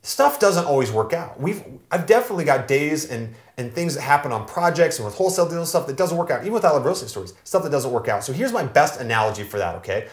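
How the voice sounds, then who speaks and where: A man, a real estate investor, giving casual, energetic business advice and telling stories. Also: mid-range voice, reverberant. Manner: energetic, animated storytelling.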